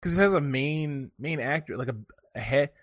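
A man's voice: on the high side, moderate pace, no room sound, studio quality. A man co-hosting a casual podcast chat, joking and rambling through a story. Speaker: podcast co-host.

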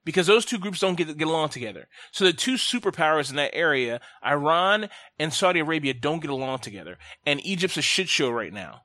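A man hosting a casual podcast chat, ranting bluntly and profanely, his pitch and loudness swinging sharply as he gets worked up. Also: very animated, a little fast, hardly any pauses, no echo. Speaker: podcast host.

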